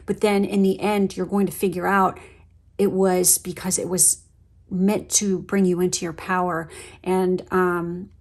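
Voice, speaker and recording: A woman giving a pick-a-card tarot reading to her viewers. She talks earnestly and encouragingly, often checking in with a quick "okay?" and letting a casual curse slip now and then. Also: mid-range voice, darkish tone. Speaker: tarot reader.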